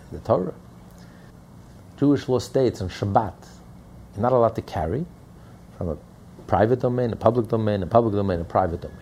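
A man's voice: on the low side, warm tone, slight background noise. A man teaching a Hasidic text in a lecture, repeating points and asking rhetorical questions. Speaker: Torah teacher.

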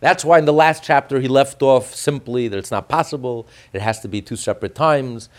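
A man's voice: medium pitch, fairly quick, hardly any pauses. A man explaining a religious text in a class, emphatic, often repeating and restarting his phrases. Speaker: religious teacher.

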